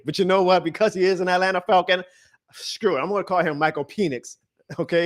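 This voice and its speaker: A man hosting a live reaction stream in a casual, excitable, rambling way, chuckling often as he talks to his chat. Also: medium pitch.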